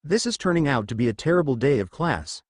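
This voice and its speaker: A man voicing a calm, blunt teen girl student who speaks flatly and matter-of-factly, in a fan story reading. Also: mid-range voice, fast, dry recording, studio quality, close to an everyday voice. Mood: gloomy.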